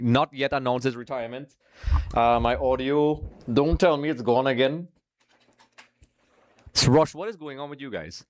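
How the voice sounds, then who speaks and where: A man's voice: mid-range voice, no echo. Guy hosting a live match stream, rambling chat w viewers, dry close sound. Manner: chatty, addresses viewers as folks. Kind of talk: live watch-along commentary and chat.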